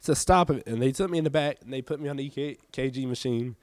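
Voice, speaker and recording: A young man with a drawl tells his faith testimony in an earnest, heartfelt way. He sounds a little worn out and subdued, at a middle pitch. The recording is dry and close, with no room echo. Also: fast talker, a little mellow. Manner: earnest, emotional storytelling. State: tired, subdued. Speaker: church member giving testimony.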